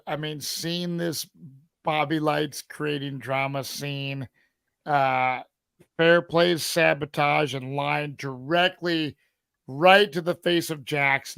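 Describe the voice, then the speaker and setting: A man hosting a casual podcast, his voice high and gravelly. He talks slowly and asks questions with lots of fillers. The sound is dry and close. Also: a bit bright, no room sound. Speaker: podcast host.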